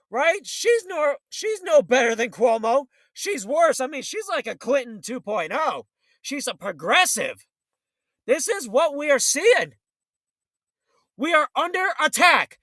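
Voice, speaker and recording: A fiery male talk show host who rants bluntly and combatively. His voice sits unusually high and rings bright and forceful. The sound is dry and close, with no room around it. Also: dry recording. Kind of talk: political talk show rant.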